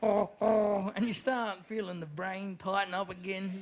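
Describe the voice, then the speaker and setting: A man performing a stand-up comedy set at a live show, telling stories with swearing and shouted rants. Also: high-pitched, little pitch movement, slow, a little hiss or hum. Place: live venue with audience.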